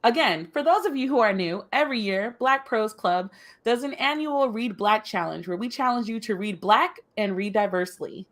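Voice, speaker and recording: A woman co-hosting a book club podcast in casual chat, emphatic and quick to laugh. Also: a little high. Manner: animated, laughs often, emphatic announcements. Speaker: podcast co-host.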